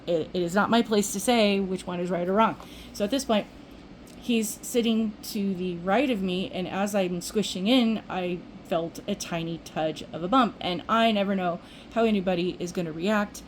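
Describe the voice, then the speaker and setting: A woman's voice: on the low side, poor audio. Older lady vlogging, chatty and rambling, bit of background noise. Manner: chatty, rambling, with restarts and acted-out quotes. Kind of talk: casual storytelling monologue.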